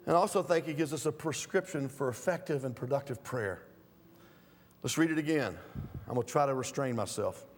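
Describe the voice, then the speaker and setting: A middle-aged male pastor preaching a sermon in a church, swinging from calm low teaching to loud pleading. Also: a little fast. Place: church sanctuary. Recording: reverberant hall.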